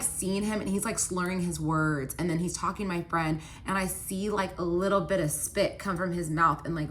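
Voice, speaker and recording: A woman's voice: on the low side, bright, forceful tone, slight background noise. A woman telling a personal story in a casual storytime style, chatty and full of "like", talking straight to her viewers. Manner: chatty, heavy use of "like"; addresses the viewers directly.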